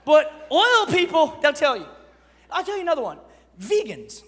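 A pastor in his thirties preaching a sermon, animated and joking, swinging from shouts to hushed storytelling. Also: very high-pitched, moderate pace, big-room sound, a little hiss or hum.

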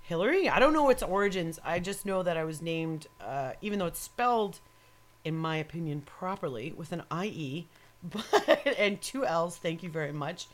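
A woman with a lowish voice talks in a loose, rambling way. She is opinionated and curses freely. Laughter often breaks into her speech. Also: lively intonation, moderate pace. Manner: laughs often while talking. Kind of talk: casual chat.

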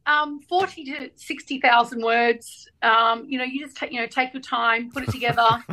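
A middle-aged Australian woman, a guest author, telling stories in a lively way and acting out the voices in her anecdotes. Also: on the high side, moderate pace, poor audio. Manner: animated storyteller, acts out voices in anecdotes. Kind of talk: casual chat.

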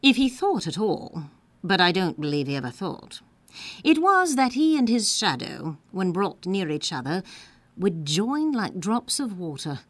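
A woman reading a classic storybook aloud with a lively, animated voice. Her pitch sits in the middle, and she reads playfully, leaning into the drama of each line. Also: measured pace, no echo. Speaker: narrator.

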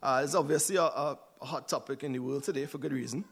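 A man's voice: medium pitch, quick pace, creaky, husky. A man giving a sermon in a conversational way, often checking in with "right?". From United States. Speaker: church speaker.

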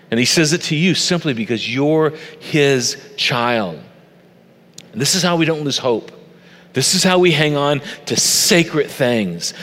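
Pastor preaching in a reverberant hall. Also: male voice, a little high, fairly bright tone. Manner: conversational, personal storytelling. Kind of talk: sermon. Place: church stage. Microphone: stage microphone.

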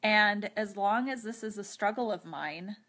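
An earnest woman talking openly on her own podcast in a chatty, confessional way. She sounds a little teary after crying, and her voice sits at a middle pitch. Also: measured pace, a bit bright. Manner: earnest, open, chatty with light laughs. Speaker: podcast host. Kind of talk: personal confessional talk with prayer.

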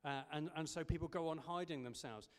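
A man's voice: a little high, brisk. A man preaching a sermon in a conversational way, with frequent ums and restarts. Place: church service. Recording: echoey church hall.

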